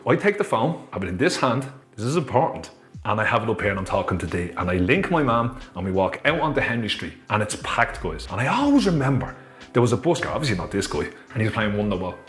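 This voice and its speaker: A man with a Dublin Irish accent telling a personal story to viewers in a chatty, animated vlog. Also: fairly low pitch, quick pace, faint music behind. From Ireland. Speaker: author and motivational storyteller.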